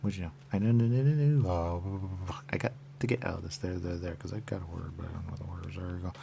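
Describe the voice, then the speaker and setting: A radio talk host with a low-pitched, creaky yet warm voice speaks at a quick pace, a little hiss or hum behind him. His monologue is a rambling stream of consciousness, repetitive and full of "there you go", with drifts into whispers.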